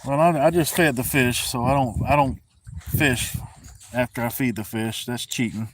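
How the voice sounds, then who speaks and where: Southern US man, folksy livestream host, mid-pitched, laid-back delivery, faint outdoor hiss. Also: normal speed. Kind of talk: casual live-stream chat. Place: outdoors by a pond.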